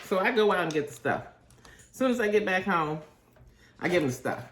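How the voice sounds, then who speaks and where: A woman's voice: on the low side, fairly quick, background noise. A woman, telling a story in a casual vlog rant and acting out what people said. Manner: animated, acts out quotes in shifting voices. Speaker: vlogger.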